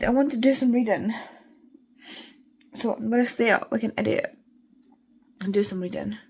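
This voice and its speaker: Woman, young adult, casual vlog chat, rambling, tired, sniffly, mid pitch. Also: creaky. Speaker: book vlogger.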